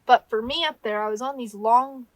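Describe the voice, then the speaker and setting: A young adult woman rambling through a casual interview, halting often and laughing as she talks. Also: fairly high pitch, no echo, rough recording. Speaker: climber telling her story.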